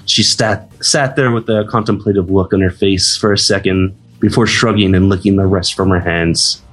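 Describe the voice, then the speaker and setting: A man's voice: deep voice, fairly even intonation, normal speed, a bit bright. A man reading a story aloud with dry, reluctant delivery. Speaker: reader. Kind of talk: comedic dramatic reading.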